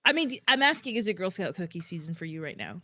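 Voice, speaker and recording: A woman's voice: on the low side, big pitch swings, quick pace, bright, forceful tone. Chatty woman hosting a stream. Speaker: game master and stream host. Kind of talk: casual chat.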